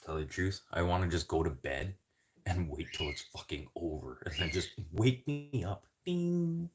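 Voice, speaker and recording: A man's voice: deep voice, lively intonation, normal speed. A man from the Canadian prairies chatting casually in a rambling, joking way, swearing constantly. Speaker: vlogger.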